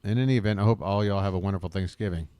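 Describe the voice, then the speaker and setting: A man's voice: low-pitched, very fast, dark tone, clear, resonant tone, no echo. An American man hosting a live stream from his home, rambling casually and chatting with viewers by name, with some swearing. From United States. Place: home abroad, living in Bangkok.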